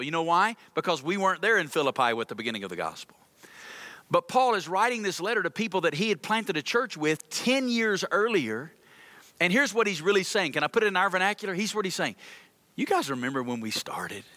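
A man's voice: high-pitched, lively intonation, fast, bright, forceful tone, no echo. A male pastor preaching a sermon with emphasis, repeating key phrases.

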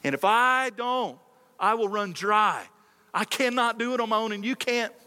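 A man's voice: high-pitched, normal speed, bright, forceful tone, smooth. A male pastor preaching a sermon on a microphone in a large church hall, with passionate delivery and lots of rhetorical repetition.

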